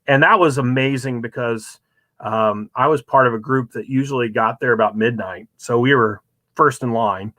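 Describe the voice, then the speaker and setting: Man, guest, casual storytelling, rambling with fillers, mid pitch, dry sound. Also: normal speed, pushed and bright, no room sound. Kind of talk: casual chat, anecdotes.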